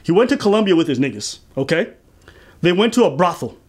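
A man co-hosting a commentary show, talking casually in a mocking, animated and profane way. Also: sits high, a little fast, breathy edge. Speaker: commentary channel co-host.

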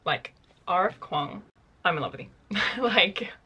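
A woman's voice: on the low side, animated, measured pace, bright, forceful tone, slightly rough, rough recording. A woman vlogger chatting casually and enthusiastically about books, often saying "like". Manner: gushing, enthusiastic, frequent "like". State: tired. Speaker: book vlogger. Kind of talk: casual vlog chat.

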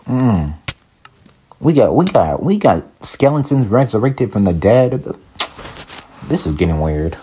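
A young man giving casual, excitable commentary while playing a block-building game, often panicking and talking to his viewers. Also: low voice, unhurried, long pauses, a little hiss or hum. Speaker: gaming YouTuber. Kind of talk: casual Minecraft let's play commentary.

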